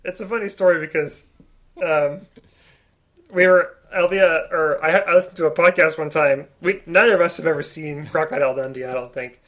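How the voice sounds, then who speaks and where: A man's voice: fairly high pitch, a little fast, fairly bright tone. A man co-hosting a podcast in casual chat, easygoing, who laughs while telling stories. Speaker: podcast co-host. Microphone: podcast mic on a desk, remote.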